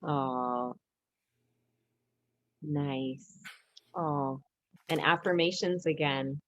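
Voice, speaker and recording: A woman leading a yoga workshop, calm and gently humorous. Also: low voice, very slow, no room sound, highs cut off. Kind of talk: guided group workshop.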